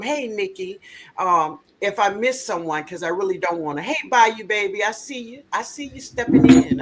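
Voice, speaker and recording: A woman's voice: mid-range voice, a little hiss or hum. A woman hosting a live stream in a casual, chatty way, greeting viewers by name and laughing often.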